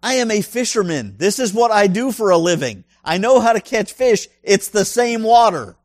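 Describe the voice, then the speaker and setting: A man voicing an exasperated fisherman who protests about his own trade, in a higher, louder voice than his own. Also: expressive, moderate pace, no room sound, studio quality. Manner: indignant, protesting.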